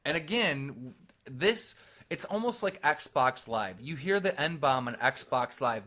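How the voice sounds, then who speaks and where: A young man co-hosting a casual podcast, telling animated stories and laughing often. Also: medium pitch, slow. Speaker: podcast co-host.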